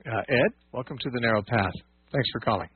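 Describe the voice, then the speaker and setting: A man's voice: mid-range voice, a little fast, breathy edge, no room sound. A man hosting a call-in radio show, patiently explaining scripture with frequent fillers and restarts. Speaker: radio Bible teacher and call-in host. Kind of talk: call-in radio Bible teaching. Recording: dry phone-like radio audio.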